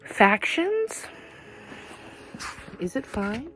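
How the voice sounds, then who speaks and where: A woman's voice: fairly high pitch, big pitch swings, extremely slow, a bit bright, soft background music. Chatty woman reading vlogger. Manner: rambling, many "like" fillers. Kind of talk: casual vlog chat.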